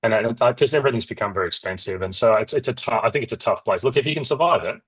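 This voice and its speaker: A middle-aged Australian man, a company founder, talking in a rambling, animated way with lots of restarts and asides in an interview. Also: mid-range voice, very fast, slightly rough, dry recording, rough recording. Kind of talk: casual interview talk.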